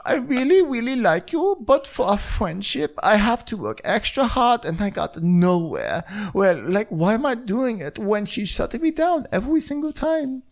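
Slow, whiny, sugary reality-show woman in a high voice, as a man puts her on. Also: sing-song, heavily acted.

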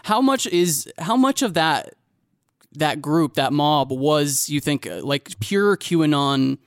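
A man's voice: on the high side, animated, takes it slowly, clear, resonant tone, dry recording, studio quality. A man co-hosting a casual podcast, asking questions with joking asides. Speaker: podcast co-host.

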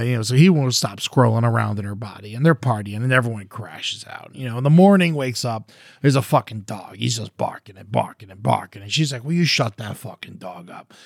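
A man's voice: medium pitch, brisk, creaky, no room sound, studio quality. A man co-hosting a podcast, casually retelling a movie plot in a rambling, profane way with acted-out quotes. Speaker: podcast co-host. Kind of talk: casual storytelling chat.

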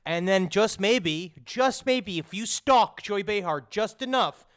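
A man's voice: sits high, animated, unhurried, fairly bright tone, clear, resonant tone. A man who is a podcast guest, riffing in casual banter with crude, profane jokes.

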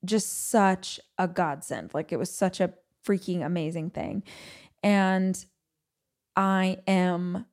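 Woman host, solo podcast, chatty and animated storyteller, mid-pitched. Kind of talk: casual solo podcast monologue.

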